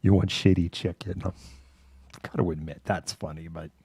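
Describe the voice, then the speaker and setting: A man talks casually on a live online show, with a lowish, mellow voice recorded close and dry. He rambles, restarts his sentences and swears now and then. He jumps into quick character voices as he retells a story. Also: steady tone, vocal fry, husky, dry recording. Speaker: podcast co-host.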